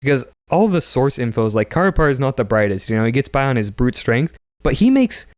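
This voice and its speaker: A man's voice: mid-range voice, very animated, fast talker, darkish tone, dry recording, clean studio sound. A man co-hosting a podcast, recapping a story in casual chat, laughing often and slipping into character voices.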